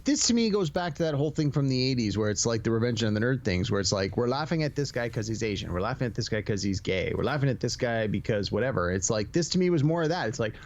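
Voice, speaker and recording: Hesitant man with a lively voice. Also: mid-range voice, fast, few pauses. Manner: hesitant, stammering restarts, skeptical. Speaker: podcast co-host. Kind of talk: casual movie review chat. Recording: dull lo-fi sound.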